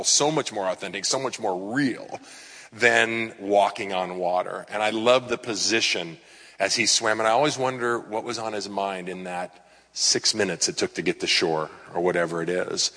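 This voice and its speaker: A man's voice: fairly low pitch, bright, forceful tone. A man preaching a sermon to his congregation, conversational and personal, with self-deprecating asides. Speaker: pastor. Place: church sanctuary with congregation. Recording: live sermon in a reverberant hall.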